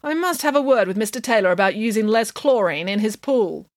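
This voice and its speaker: A woman's voice: mid-range voice, lively intonation, a little fast, dry recording, clean studio sound, voice pushed up, natural voice. A woman reading as a grand, vain pig nanny. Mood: cheerful. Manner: grand, self-assured declarations. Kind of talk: storybook reading.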